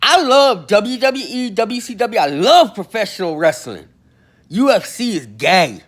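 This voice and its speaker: A man rambles through a comic story in a cocky, slang-heavy voice. His pitch swings up and down as he talks. He slips into little put-on voices for the people he quotes. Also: big pitch swings, measured pace. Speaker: channel host telling prison stories.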